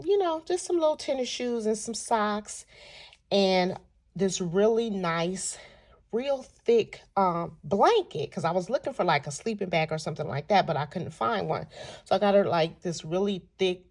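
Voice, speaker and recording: A woman vlogger from California telling a personal story in an animated, chatty way. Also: mid-range voice. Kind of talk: storytelling vlog.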